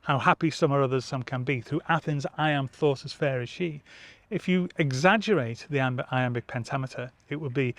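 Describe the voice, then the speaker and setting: A man's voice: fairly high pitch, expressive, brisk, fairly bright tone, no room sound. Man explaining verse rhythm, dry close sound. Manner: taps out rhythms aloud and recites verse to demonstrate. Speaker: Shakespeare festival director. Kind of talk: explanatory interview. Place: outdoor college garden.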